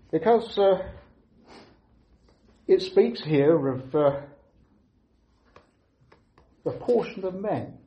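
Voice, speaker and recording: A man preaching a sermon, earnest and emphatic, repeating key phrases with pauses between them. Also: fairly high pitch. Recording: echoey room, dull lo-fi sound.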